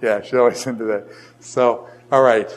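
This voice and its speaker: Animated Bible teacher, Boston accent. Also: male voice, mid-range voice, moderate pace. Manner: animated, fires rhetorical questions at the class. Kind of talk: classroom Bible lesson.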